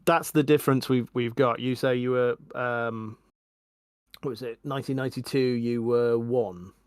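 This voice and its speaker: A man in his forties co-hosting a podcast, chatting casually in a measured, reflective way. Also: mid-range voice, steady tone, clear, resonant tone, no room sound, studio quality. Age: 40s. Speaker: podcast co-host. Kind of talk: casual chat.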